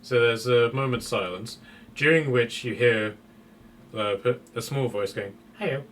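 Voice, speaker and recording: A man acting as game master, talking casually and relaxed, with many fillers. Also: medium pitch, measured pace, slight background noise. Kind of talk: running a tabletop game.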